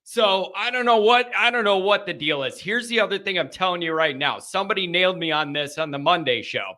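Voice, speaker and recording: Loud joking American man ranting. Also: high-pitched, animated, a little fast. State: sore bitten lip. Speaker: show host. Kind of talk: casual live call-in rant.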